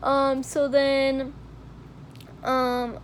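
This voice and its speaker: A woman's voice: high-pitched, monotone, very slow, a little hiss or hum. A teenage girl telling a personal story to camera, rambling with lots of fillers and "like". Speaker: vlogger. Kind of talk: casual storytelling vlog.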